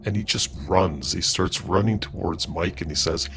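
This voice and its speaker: Deep-voiced man telling a spooky story. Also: moderate pace, creaky, music in the background. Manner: loose and conversational, with fillers and restarts. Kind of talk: casual paranormal story narration.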